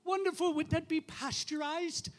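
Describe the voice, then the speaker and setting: A man's voice: extremely high pitch, fairly even intonation, normal speed, pitched above the performer's own voice. A man doing a genial old priest. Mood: delighted. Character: genial older Irish parish priest.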